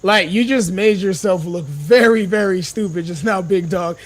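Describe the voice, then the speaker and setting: A man's voice: high-pitched, normal speed, few pauses. A young man, a podcast guest, talking heatedly and indignantly, swearing and firing off rhetorical questions. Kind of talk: heated casual podcast talk.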